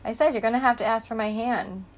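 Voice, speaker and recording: A woman's voice: fairly high pitch, fast. Blunt rambling woman podcaster. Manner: scattered, stream-of-consciousness, blunt and emphatic. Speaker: podcast host. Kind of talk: rambling solo podcast monologue.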